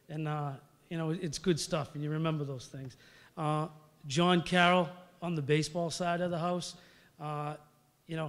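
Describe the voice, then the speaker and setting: A middle-aged man tells rambling stories into a podium microphone, full of fillers and restarts. His voice sits a bit high for a man. A long reverb from the big hall trails each phrase. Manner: rambling, storytelling, many fillers. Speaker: hall of fame inductee. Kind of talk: acceptance speech.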